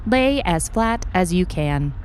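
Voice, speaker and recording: A woman reading a story aloud, voicing a household robot with a soothing electronic tone, polite and measured. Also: fairly low pitch, animated, faint music behind. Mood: urgent. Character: calm household robot caretaker, soothing yet urgent. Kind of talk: audiobook reading.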